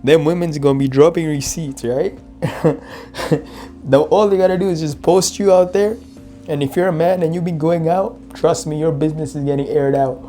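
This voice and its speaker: A man comments on clips in loose slang, chuckling and talking straight to the viewer. His voice is dark and mellow, with faint music running underneath. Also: a little high, steady tone, normal speed. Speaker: reaction commentator.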